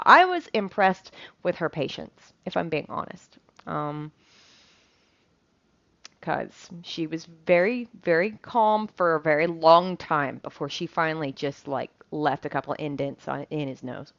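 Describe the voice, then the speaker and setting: A woman talks through her cooking in a slow, unhurried ramble, with plenty of ums and the odd swear word. Her voice sits a little low. The sound is dry and slightly dull, as if from a basic mic. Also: expressive, dry recording. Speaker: cooking vlogger. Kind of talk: casual chat while cooking.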